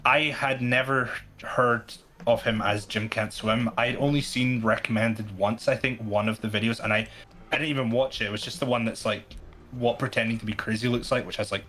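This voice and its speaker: A man's voice: medium pitch, fairly even intonation, brisk, sharp tone. A man guest-hosting a live stream, talking casually and hesitantly with many restarts. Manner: hesitant, full of restarts, laughing easily. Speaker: guest co-host.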